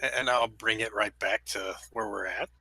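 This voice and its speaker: A man with a very bright, sharp-edged voice plays a tabletop game, calmly laying out his character's actions. He talks in a casual, drawling way. The sound is dry and close. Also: lowish voice, normal speed, gravelly, breathy edge, dry recording. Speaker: player.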